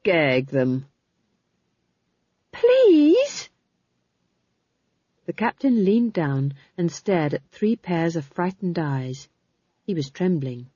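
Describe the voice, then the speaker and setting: A woman narrating an audiobook in an expressive storytelling manner. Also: lowish voice, unhurried, slightly rough, no echo. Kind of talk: scripted narration. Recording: dull dry close recording.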